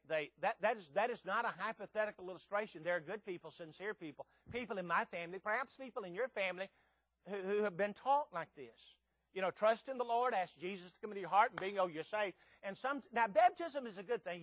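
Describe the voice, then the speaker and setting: A man preaching a sermon in an emphatic way, repeating words and asking rhetorical questions, with loud peaks. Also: sits high, no echo.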